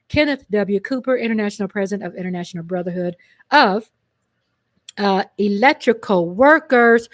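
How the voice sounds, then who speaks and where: A Texan woman with a Texan accent hosts a casual livestream, reading a list of names in a chatty, excitable way and fixing her own stumbles. Her pitch is fairly high, her pace moderate, and there's no echo.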